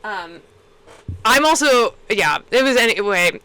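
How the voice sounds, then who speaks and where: A young woman co-hosting a podcast, telling a rambling, excited story in casual chat and swearing freely. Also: mid-range voice, measured pace, clear, resonant tone, no echo, poor audio. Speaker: podcast co-host.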